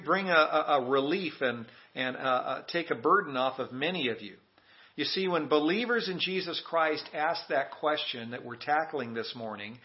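A man preaching with an emphatic, fairly high voice that reaches out to the congregation. The sound is dull and lo-fi, like an older church sermon recording. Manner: emphatic, asks the congregation to repeat lines. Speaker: pastor. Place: church sanctuary.

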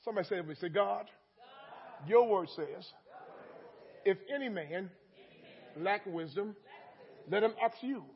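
A man's voice: sits high, unhurried, pauses often, highs cut off. A man preaching a sermon in a call-and-response style, repeating lines with rising emphasis.

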